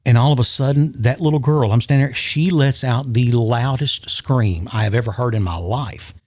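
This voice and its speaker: A man's voice: medium pitch, normal speed, a little mellow. Man telling a heartfelt story. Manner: rambling, emotional storytelling with restarts. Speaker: podcast guest. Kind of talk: casual storytelling chat.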